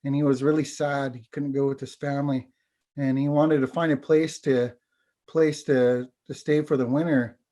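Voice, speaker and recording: A man, a teacher and storyteller, telling a folk tale over a video call in an unhurried, halting way. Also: medium pitch, little pitch movement, mellow. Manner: unhurried, halting, repeats words. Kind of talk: oral storytelling.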